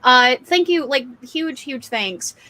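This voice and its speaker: A woman's voice: high-pitched, expressive, takes it slowly, bright, forceful tone. A woman hosting a casual livestream hangout, chatting with guests and reading out super chats, laughing often. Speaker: host.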